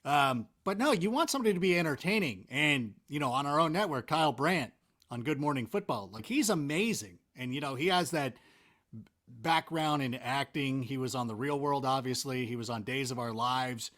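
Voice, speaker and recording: A man talking as a guest in a casual interview, animated, rambling and self-mocking. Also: medium pitch, moderate pace. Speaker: interview guest, NFL analyst.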